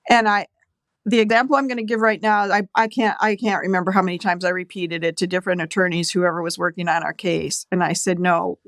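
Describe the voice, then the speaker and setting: A middle-aged woman telling a personal story as a podcast guest, earnest, slowing down for quoted voices. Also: on the low side, little pitch movement, fairly bright tone, dry recording, clean studio sound.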